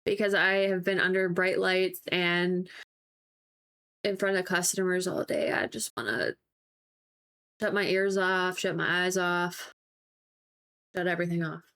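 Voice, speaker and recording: A woman's voice: fairly low pitch, unhurried, long pauses, fairly bright tone. A woman chatting casually with her viewers on a live stream while she paints, rambling and breaking into giggles, with lots of "like" fillers.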